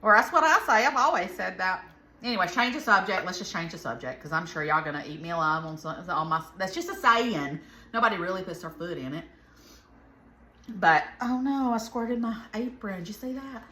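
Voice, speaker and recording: With a mid-range, expressive voice that's pushed and bright, a Southern American woman talks a little fast as she cooks for her vlog viewers at home. She chats casually and rambles into folksy asides, and the audio is reverberant.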